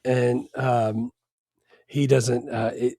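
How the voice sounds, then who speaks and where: A man's voice: medium pitch, flat delivery, drawn-out words, dark tone, no echo, clean studio sound. A man co-hosting a podcast, chatting casually about a film in a rambling, laid-back way with lots of fillers and restarts. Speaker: podcast co-host. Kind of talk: casual movie chat.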